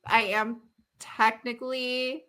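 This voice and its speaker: A woman co-hosting a podcast in casual chat, animated and swearing casually with frequent laughter. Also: on the high side, takes it slowly. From not from the South, Southern family. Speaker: podcast co-host.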